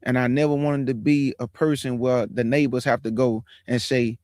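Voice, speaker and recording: Forties male host telling his life story with lively, drawn-out emphasis; average pitch, dry recording. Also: no room sound. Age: 40s. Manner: animated, folksy, drawn-out emphasis. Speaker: show host. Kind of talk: personal testimony, casual storytelling.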